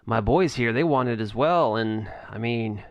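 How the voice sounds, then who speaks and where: A man's voice: medium pitch, animated, normal speed, gravelly, dry recording, highs cut off. Man doing a smug greedy gang boss.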